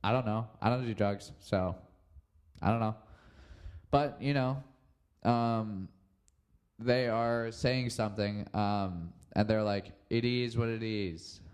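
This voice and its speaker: A man's voice: on the low side, slow pace, smooth. Laid-back young man hosting a podcast. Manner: rambling, relaxed, heavy on fillers like "um" and "like". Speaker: podcast host. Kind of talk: casual solo podcast chat.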